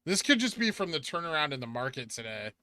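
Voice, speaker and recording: A man's voice: a little high, very animated, fast talker, bright, forceful tone. A man hosting a casual stock market livestream, answering chat and thinking aloud over charts in an offhand, muttering way.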